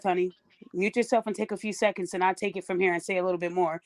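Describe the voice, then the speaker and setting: A woman's voice: mid-range voice, steady tone, fast talker, darkish tone. A woman hosting a live-streamed podcast, who is soothing toward her guest and blunt and lecturing toward the chat. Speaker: podcast host.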